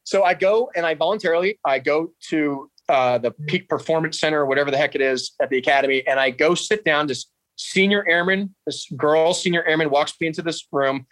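Podcast guest, thirties man from New Jersey, sarcastic and salty, slightly high voice, dry close mic. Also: a little fast, few pauses, fairly bright tone, dry recording. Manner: sarcastic, profane, acts out dialogue. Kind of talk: casual storytelling.

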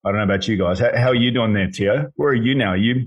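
A man hosting a podcast in a casual chat. His voice is very deep with a husky edge. He sounds upbeat and enthusiastic and likes to tease his co-hosts. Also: racing, lo-fi sound. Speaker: podcast host.

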